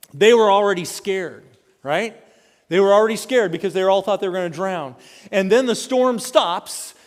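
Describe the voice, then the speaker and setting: A man preaching a sermon as pastor, animated and storytelling, often asking the congregation questions. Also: high-pitched. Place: church sanctuary. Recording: long church hall reverb.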